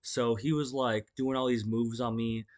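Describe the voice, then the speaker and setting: This vlogger speaks at a moderate pace in a medium, fairly flat pitch. He's a young man rambling through a casual storytime, full of fillers, restarts and curse words, gesturing to act out what happened.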